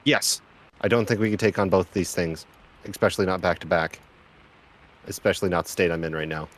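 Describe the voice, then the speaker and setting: A man's voice: low-pitched, fairly quick, a little hiss or hum, low-quality recording. A man playing a tabletop game, hesitant and nervous about what to do. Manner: anxious, hesitant. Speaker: player.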